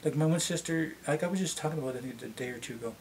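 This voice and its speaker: A middle-aged man with a Canadian accent and a slightly deep voice, chatting casually to camera and rambling with many restarts. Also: rapid-fire, a little mellow, slight background noise. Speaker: vlogger.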